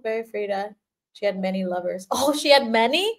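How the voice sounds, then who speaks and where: Giggly, high-voiced older woman. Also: lively intonation, moderate pace. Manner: giggly and playful, laughing often. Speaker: spiritual teacher hosting a livestream. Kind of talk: casual livestream chat.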